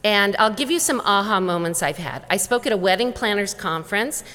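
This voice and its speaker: A middle-aged woman speaks at a conference as a wellness educator. She is a lively storyteller who acts out the back-and-forth of dialogue, and her voice sits at an ordinary pitch for a woman. Her voice carries the long reverb of a large hall. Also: brisk. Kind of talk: storytelling keynote talk.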